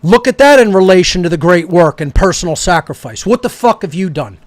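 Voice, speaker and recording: High-pitched man in a profane, angry rant. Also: expressive, fairly quick, dry recording. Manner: heated, profane, confrontational. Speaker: talk show host. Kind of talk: angry ranting monologue.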